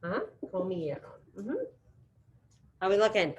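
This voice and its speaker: A high school Spanish teacher with a lower-pitched voice leads call-and-response drills for students both in the classroom and online. She talks fairly quickly in an upbeat, encouraging, chatty way, though the recording is muffled.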